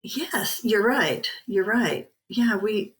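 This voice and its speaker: Woman podcast host, slow deliberate delivery, supportive reflective interviewer. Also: mid-range voice, a little hiss or hum, poor audio. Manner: supportive, reflective, frequent brief affirmations. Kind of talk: interview conversation.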